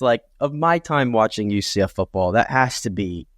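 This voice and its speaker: A man co-hosting a sports podcast, joking his way through stories and tripping over repeated words. His voice is on the low side. It sounds dry and close to the mic. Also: animated, normal speed, no echo. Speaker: podcast co-host. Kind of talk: casual sports podcast chat.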